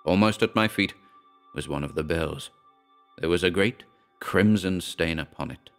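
Deep-voiced man narrating horror. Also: faint music behind. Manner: measured, grave storytelling with quoted dialogue read plainly.

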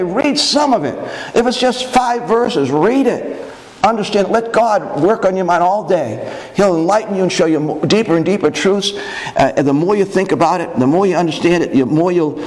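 A man preaching a sermon as pastor, animated, acting out quoted voices with chuckles. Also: on the high side, low-quality recording.

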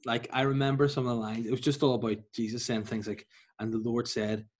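A man's voice: medium pitch, flat delivery, fairly quick, a little mellow. A man co-hosting a podcast, telling a school anecdote in casual chat. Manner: chatty anecdotes, frequent agreeing murmurs. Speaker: podcast co-host.

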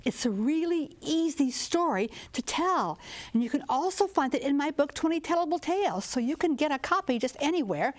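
A woman storyteller and author tells a folktale aloud. She stretches words and falls into dramatic whispers for effect, keeping a repeating rhythm. Her voice sits somewhat high. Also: expressive, moderate pace.

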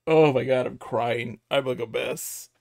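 A man's voice: mid-range voice, fairly even intonation, unhurried, creaky, darkish tone, no echo, clean studio sound. A man streaming a video game at home, chatting casually in a giggly, rambling way and telling stories with animation. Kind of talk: casual live-stream chat.

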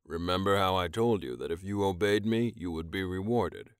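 A man voicing a huge, commanding male alien who speaks slowly and low, keeping firm control, in an audiobook. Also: clear, resonant tone, dry recording, studio quality. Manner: slow, low, firmly in control. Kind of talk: audiobook character voice.

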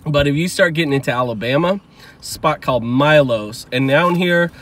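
A man chatting casually over a meal, rambling in a relaxed way with lots of fillers. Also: on the high side, moderate pace. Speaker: local guide and co-host.

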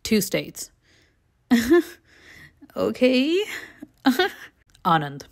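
A young woman who vlogs, running through quick, candid movie reviews in a casual, chatty way, full of "like" and "you know" and bursts of giggling. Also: a little high, big pitch swings, gravelly. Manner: bursts of giggling between opinions. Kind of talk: casual rapid-fire movie review chat.

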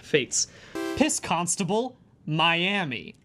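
A woman's voice: fairly low pitch, sing-song, takes it slowly, a bit bright, faint music behind. A woman co-hosting a comedy podcast, dryly announcing improv scenes.

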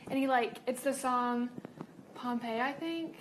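A woman's voice: a little high, unhurried, background noise. A young woman in college, chatting casually and laughing as she describes funny videos. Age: young adult. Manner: bubbly, laughs often. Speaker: co-host. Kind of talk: casual chat.

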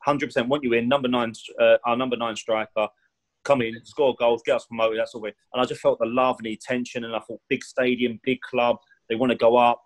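This casual interview features a onetime pro footballer recounting his career with chatty, rambling stories. His medium-pitched voice stays level and fairly quick, he's fond of "do you know what I mean," and he raises his voice when acting out quotes. The audio quality is poor.

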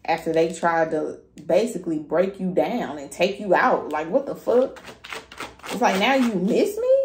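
Low mellow-voiced woman doing a tarot reading, swears a lot, kinda echoey room. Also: measured pace, slight background noise. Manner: blunt, profane, animated. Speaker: tarot reader.

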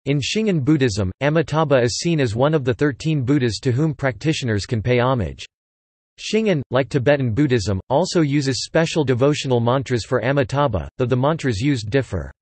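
Synthetic male reader, even machine delivery, mid pitch, dead-dry sound. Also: brisk, no room sound. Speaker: text-to-speech reader. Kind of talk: synthetic encyclopedia reading.

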